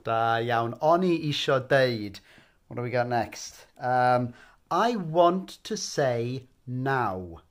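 A man's voice: mid-range voice, lively intonation, slow. A man hosting a casual language lesson, upbeat and encouraging, with frequent ums. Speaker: language teacher and host.

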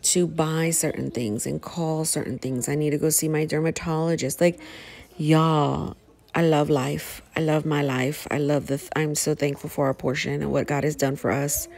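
A middle-aged woman, chatting casually to her viewers while planning, rambling and expressive. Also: sits low, gravelly. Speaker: planner vlogger. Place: home.

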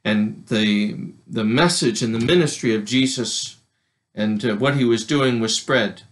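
A male pastor preaching a church sermon, reading scripture aloud in a measured way. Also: medium pitch.

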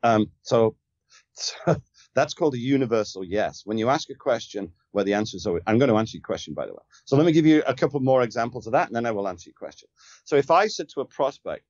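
A man's voice: mid-range voice, lively intonation, fairly quick, pauses often, a little mellow, dry recording, muffled recording. Emphatic man coaching on sales. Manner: emphatic, asks rhetorical questions. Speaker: sales trainer, podcast guest. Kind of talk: conversational coaching.

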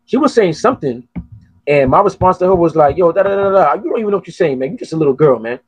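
Male podcast host, fairly high, husky voice, dry sound, swears a lot. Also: quick pace, no room sound. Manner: profane, animated storytelling. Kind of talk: casual chat.

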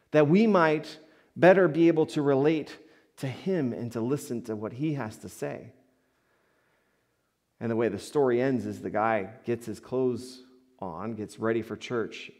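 A male pastor preaching and telling stories in a mid-pitched voice. His delivery is lively and swings from quiet, murmured asides to loud, rising peaks of emphasis. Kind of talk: sermon with storytelling.

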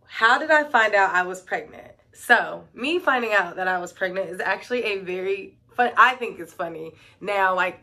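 A woman's voice: mid-range voice, bright, forceful tone. A young woman telling stories in a casual vlog, chatty and full of "like" and "um". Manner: chatty, fills talk with "like" and "um". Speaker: vlogger and middle-school teacher.

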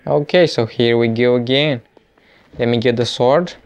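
A man giving jokey let's play commentary, with excitable, panicky outbursts. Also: medium pitch, moderate pace, smooth. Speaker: gamer.

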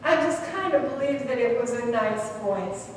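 A woman pastor preaching a sermon, swinging between loud preaching and hushed quiet, recorded in a church. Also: lively intonation, normal speed. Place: church sanctuary. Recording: echoey church hall from far off, faint rumble.

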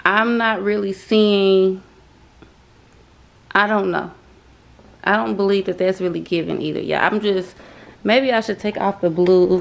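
A woman's voice: mid-range voice, gravelly, rough recording. A young woman, chatting casually in her vlog, often frustrated and over it. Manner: chatty, drawling Southern slang, frustrated sighs. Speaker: vlogger. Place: home and craft store.

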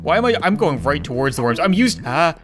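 High-voiced young guy doing lets play commentary, gets all excited, faint music underneath. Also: a little fast. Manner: excitable, talks to himself and the game, reads game text aloud. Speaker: gaming channel host.

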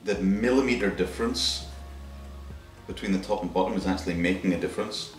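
A fairly low-voiced man talks through a hobby project as he works, chatty and thinking out loud. He drops in silly sound effects now and then. The sound is roomy and a little distant, with music playing behind him. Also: a little fast. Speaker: maker vlogger. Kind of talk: casual workshop narration.

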